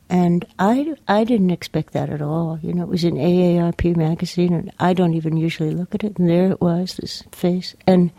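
Soft-spoken older woman poet, hesitant. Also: on the low side, no room sound. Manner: hesitant, soft-spoken, many pauses and fillers. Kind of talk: radio interview, reading her poetry.

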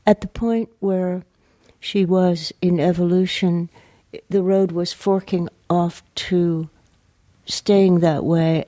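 An older woman poet talking in a radio interview, soft-spoken and hesitant, pausing often, and reading her poems aloud. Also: on the low side, dry recording. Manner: hesitant, soft-spoken, many pauses and fillers.

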